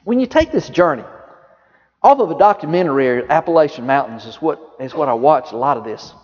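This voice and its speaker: A man preaching a sermon, lively, dropping low and soft when quoting. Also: brisk. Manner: lively preaching, drops low and soft for quoted words of Jesus. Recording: dull reverberant hall sound.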